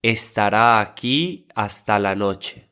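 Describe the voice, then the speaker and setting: A low-voiced man with a bright, smooth tone reads example sentences for learners. He speaks very slowly and carefully, often saying each line twice. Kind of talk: slow model pronunciation.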